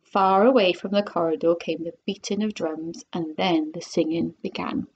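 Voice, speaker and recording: A woman, a primary school teacher, reading a children's book aloud with playful, expressive delivery and little asides to her listeners. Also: fairly low pitch, moderate pace, slightly rough, highs cut off. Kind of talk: children's storybook read-aloud.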